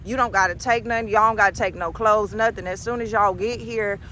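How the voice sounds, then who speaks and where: Brief: a woman putting on a smooth, earnest male ex who begs her back, dropped a bit lower. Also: steady tone, a little fast, pushed and bright, slight background noise, lightly acted. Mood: persuasive. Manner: earnest, persuasive, pleading. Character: smooth-talking newly rich male rapper ex.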